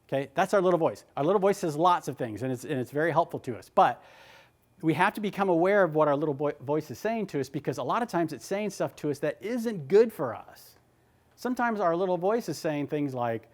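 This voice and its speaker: Man, motivational speaker, slightly higher voice, emphatic, repeats himself. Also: brisk. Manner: animated, emphatic, repeats words often. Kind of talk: motivational talk.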